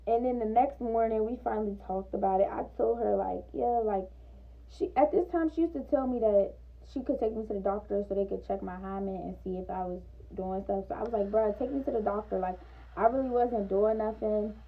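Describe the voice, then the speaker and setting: Gravelly young woman telling a storytime. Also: medium pitch, fairly even intonation, a little fast, phone-quality sound. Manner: chatty, talks straight to viewers as "y'all"; talks while doing her hair. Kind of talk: casual storytime.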